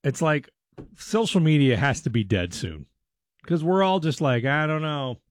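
A male radio host bantering casually in a studio, his voice sitting a little high for a man. The sound is dry and close with no room echo, and he talks freely, laughing often and rising sharply in pitch when excited. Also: moderate pace.

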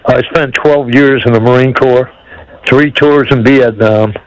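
A man's voice: medium pitch, steady tone, a little slow, no room sound, low-quality recording. A man, calling into a talk radio show, blunt and rambling, chuckling as he talks. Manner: blunt, rambling, laughs between words. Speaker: caller.

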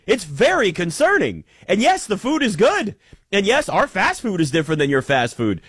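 Man, sports talk monologue, sarcastic and animated, higher voice, dry close mic. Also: moderate pace, slightly rough, dry recording. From United States. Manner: animated, sarcastic, emphatic with many restarts. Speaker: sports commentator.

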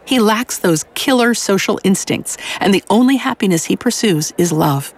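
A woman presenting a radio show in a measured, scripted way. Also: mid-range voice, animated, slightly rough. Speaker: radio host.

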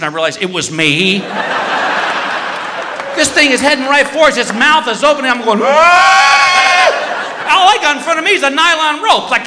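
Animated, high-voiced male stand-up comic. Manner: animated, acting out shrieks and voices. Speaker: stand-up comedian. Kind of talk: stand-up storytelling. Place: large hall on stage. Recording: echoey hall reverb.

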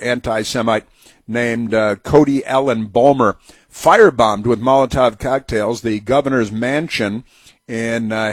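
A man's voice: medium pitch, dry recording. A man hosting a talk radio show, delivering sarcastic, mocking commentary that rambles with many fillers and restarts.

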